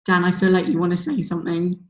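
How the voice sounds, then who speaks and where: A woman's voice: on the low side, fast. Gushing woman with a strained voice. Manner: gushing, rambling, lots of likes and ums. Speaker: team leader hosting a group call. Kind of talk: motivational pep talk. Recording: roomy echo on a call.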